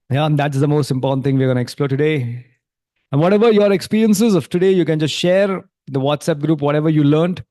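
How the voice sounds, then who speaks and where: A man's voice: fairly high pitch, no room sound, clean studio sound. Man hosting a coaching call. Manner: energetic, leads repeated affirmations. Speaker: group coaching host. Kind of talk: online group coaching call.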